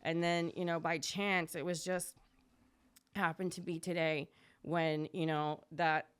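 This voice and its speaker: A woman's voice: flat delivery, clear, resonant tone. Chatty woman guest telling her story. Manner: chatty, fast, acts out quotes in a higher voice. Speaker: podcast guest. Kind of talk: casual storytelling interview.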